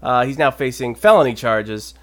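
Guy co-hosting a chatty show, animated, laughing as he tells a weird news story. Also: mid-range voice, moderate pace. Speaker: podcast co-host. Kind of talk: casual chat, reading news stories.

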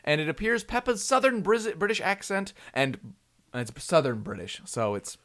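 A man co-hosting a laid-back comedy news show. He reads odd stories aloud and keeps breaking into jokes and laughter. His pitch rises and falls constantly. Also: big pitch swings, normal speed, a bit bright. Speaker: podcast co-host. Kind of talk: casual comedic news chat.

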